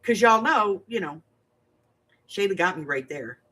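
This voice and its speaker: An older woman, a grandmother running a crafting livestream, chats casually and rambles bluntly straight to her viewers. Her voice is mid-range and animated, with a sharp tone and a slightly slow pace.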